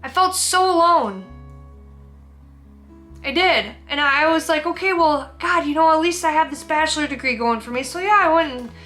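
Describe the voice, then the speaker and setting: A young woman speaks in a high, bright voice, candid and close to tears. She rambles and restarts as she tells a personal story straight to camera in a sit-down vlog. Soft music plays faintly underneath. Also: a little fast, few pauses. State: teary, emotional. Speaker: vlogger.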